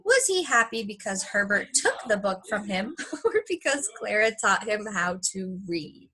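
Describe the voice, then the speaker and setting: A young woman teacher at home, recording a lesson and reading a story aloud to young kids in a chatty, lively way. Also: mid-range voice, measured pace, background noise.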